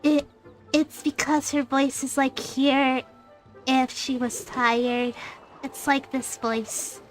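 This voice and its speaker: Sleepy, drowsy young girl, put on by a woman streamer; high, very slow, tired. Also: little pitch movement, soft background music. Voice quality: mellow, slow and tired-sounding. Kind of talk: casual voice impression on a game stream.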